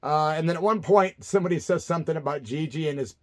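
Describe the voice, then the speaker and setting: A man's voice: a little high, fast. A man in his sixties telling rambling old tour stories in a casual, laid-back way, often tossing in "man". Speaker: storyteller recalling punk tours. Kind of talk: casual spoken-word storytelling.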